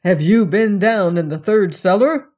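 A storyteller giving voice to a harsh, stern male master in a fairy tale read aloud, speaking slowly with a raised, threatening voice. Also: medium pitch, darkish tone, natural voice.

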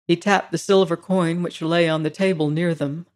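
Measured reader of a classic story. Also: mid-range voice, fairly even intonation. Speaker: audiobook narrator. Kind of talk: scripted narration of a classic story.

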